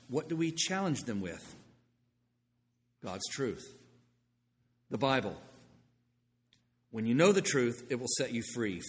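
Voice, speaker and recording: A middle-aged man preaching a sermon as pastor, telling stories with lively asides and a conversational manner. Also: mid-range voice. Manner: animated storytelling, conversational asides. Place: church sanctuary. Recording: long reverb in a large room.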